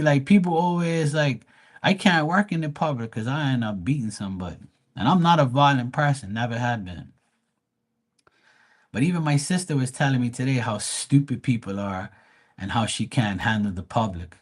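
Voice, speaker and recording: A man's voice: medium pitch, moderate pace. A man giving live tarot readings, talking bluntly and profanely, with emphatic restarts. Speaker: tarot reader.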